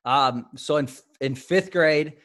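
His voice runs on the high side and a bit bright, and he speaks a little slowly. The man, a former wrestler in his thirties from Highland Park, Illinois, tells stories as a guest in a casual interview, with frequent fillers and restarts.

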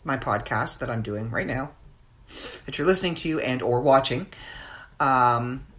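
A woman's voice: rumbling low, fairly bright tone. A woman hosting her own podcast in casual, rambling chat, with many fillers. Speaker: podcast host.

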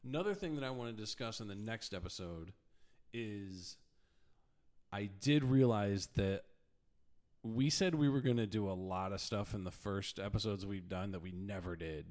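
A man's voice: lowish voice, moderate pace, a little mellow. A man co-hosting a podcast in casual chat, laughing often and cutting in on his co-host.

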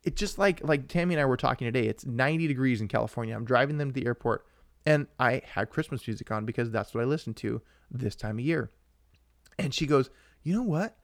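A young man co-hosting a live-streamed podcast, chatting casually in a rambling, excitable way while he answers viewers. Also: medium pitch, quick pace, vocal fry, no echo, clean studio sound. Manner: rambling and excitable, with frequent restarts and asides to viewers. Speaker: podcast co-host.

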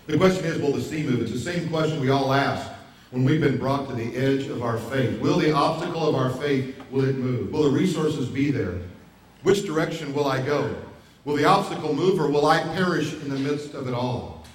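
A man's voice: mid-range voice, normal speed. A male pastor preaching a sermon, pressing his points with rhetorical questions. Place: church hall. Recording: very echoey hall, mic far off.

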